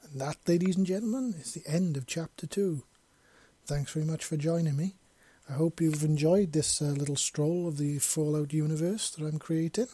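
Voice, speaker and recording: Husky man reading his fan fiction. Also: on the high side, steady tone, moderate pace, dark tone, no room sound. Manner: casual, sweary storytelling. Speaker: narrator, podcast author.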